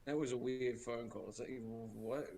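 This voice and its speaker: A man chatting on a stream, rambling and crude and quick to laugh. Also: mid-range voice, fairly even intonation, creaky, darkish tone, slight background noise. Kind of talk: casual chat.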